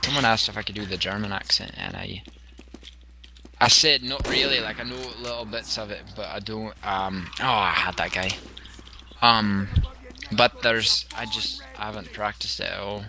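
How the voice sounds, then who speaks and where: A man's voice: lowish voice, normal speed, gravelly. A young man chatting casually while playing a shooter game, rambling with lots of likes and frequent laughs. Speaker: gamer. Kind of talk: casual gameplay chat. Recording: gunfire noise behind.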